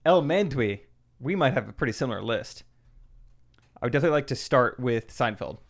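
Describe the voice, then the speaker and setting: A man's voice: mid-range voice, quick pace, creaky. A young man co-hosting a casual podcast, easygoing and rambling as he explains. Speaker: podcast co-host. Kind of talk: casual chat.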